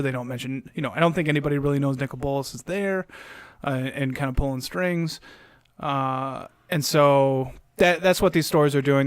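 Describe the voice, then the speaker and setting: A man with a fairly high, smooth voice recounts game moves in an easygoing, step-by-step chat. His speech is close to the mic and dry, with no room sound around it. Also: no echo. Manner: explains game plays at length, step by step. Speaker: podcast co-host. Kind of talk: casual chat.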